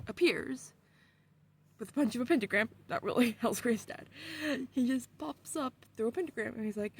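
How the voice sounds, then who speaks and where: A woman vlogger telling a story in casual, excitable talk, swearing often. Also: a little high, normal speed, slightly rough.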